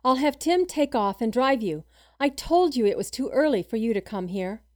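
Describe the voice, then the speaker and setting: A woman's voice: on the high side, lively intonation, normal speed, a little mellow, natural voice. A woman voicing a caring, protective man in an audiobook, with an earnest, concerned way of talking.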